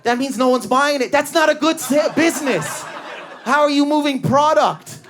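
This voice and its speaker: A Canadian man doing stand-up, telling animated stories and bursting into shouted impressions of other people. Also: very high voice, normal speed, background noise. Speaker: stand-up comedian. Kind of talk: stand-up routine. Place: comedy club stage before a live audience. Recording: live club with loud crowd laughter. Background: audience laughter.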